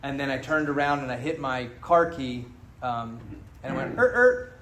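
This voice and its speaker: A man's voice: medium pitch, steady tone, moderate pace, a bit bright, a little hiss or hum. A man sharing his story at a recovery meeting, frank and joking, swearing freely as he speaks to the group. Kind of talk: candid personal testimony to a group. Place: meeting room with an audience. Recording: roomy hall echo.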